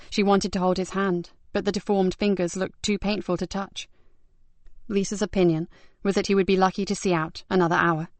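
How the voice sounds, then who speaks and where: A woman narrating a crime novel audiobook in a measured, even storytelling manner. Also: medium pitch, dry recording. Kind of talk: scripted narration.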